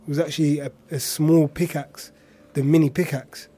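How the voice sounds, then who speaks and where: A young man from East London with a local accent, quietly telling a personal story in a reflective way, often trailing off at the ends of his lines. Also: on the high side, flat delivery, normal speed, breathy edge. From Hackney, East London. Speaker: interviewee.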